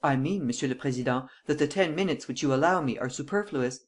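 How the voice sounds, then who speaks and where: An audiobook narrator reading the lines of a calm, cool-headed chief detective in a deliberate way. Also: medium pitch, natural voice.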